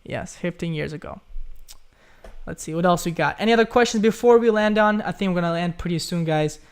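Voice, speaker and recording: A man's voice: high-pitched, a little fast, smooth. A young man from Ukraine hosting a casual live stream, chatting loosely as he reads viewers' questions aloud and keeps calling them guys.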